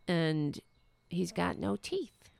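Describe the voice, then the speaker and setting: Slow, gravelly low-voiced woman host. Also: big pitch swings, no echo. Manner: coaxing her cat in a soft high voice, then upbeat sign-off. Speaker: podcast host. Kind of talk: casual livestream sign-off.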